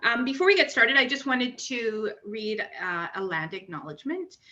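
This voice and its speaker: A woman's voice: a little high, lively intonation, normal speed, sharp tone. A woman facilitating a webinar over a video call, friendly and hesitant, with many ums. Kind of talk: opening remarks for a webinar. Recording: muffled video-call audio.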